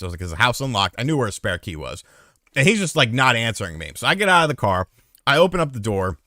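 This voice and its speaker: A young man hosts a loose chat show and tells a rambling personal story. His pitch swings widely, his tone is bright and forward, and the sound is close and dry. He swears casually and acts out what people said. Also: fast talker, dry recording. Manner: animated, swears freely, acts out quotes. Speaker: host.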